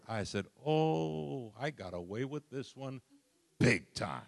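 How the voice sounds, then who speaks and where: A man preaching a sermon as pastor, dramatic, swinging from soft asides to loud peaks. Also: medium pitch. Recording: long church reverb.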